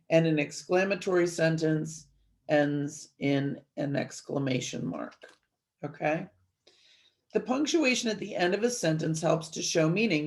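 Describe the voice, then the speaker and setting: A woman teacher giving an online grammar lesson from her desk, explaining each step clearly with light playful asides to her students. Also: low voice, darkish tone. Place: at a desk, screen-sharing a worksheet.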